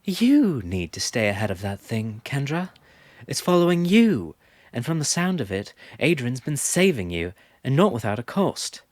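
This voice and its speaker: A man reads an audiobook in a medium-pitched, sing-song voice at normal speed, voicing a fierce, indignant young woman who is heated and insistent. He pitches above his own voice, though it stays close to everyday speech. The sound is clean studio audio with no echo.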